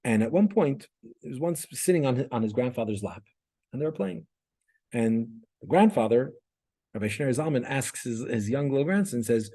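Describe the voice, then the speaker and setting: This instructor is brisk, with a warm, husky, mid-range voice and lively intonation. Teaching his class in a conversational way, he tells stories, restarts often, and keeps checking with students through "right?"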